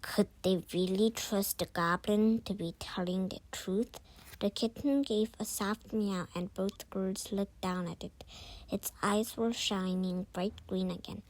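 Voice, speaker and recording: Woman narrator reading a kids' book, slow and self-correcting. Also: medium pitch, fairly even intonation, darkish tone, rough recording. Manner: unhurried, with frequent slips and self-corrections. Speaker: read-aloud narrator. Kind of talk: reading a children's book aloud.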